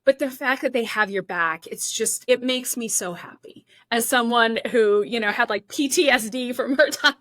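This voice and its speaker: Reflective podcast host woman, slightly high voice. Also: moderate pace, few pauses, a bit bright, no echo. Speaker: podcast host, former cooking show contestant. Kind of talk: casual interview chat.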